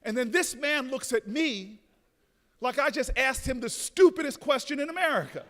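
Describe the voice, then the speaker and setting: High, bright-voiced man giving a rousing speech. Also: lively intonation, normal speed. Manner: repeats words in stumbling starts, builds to shouting crescendos. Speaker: speaker at a convention. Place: large hotel ballroom. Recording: reverberant ballroom.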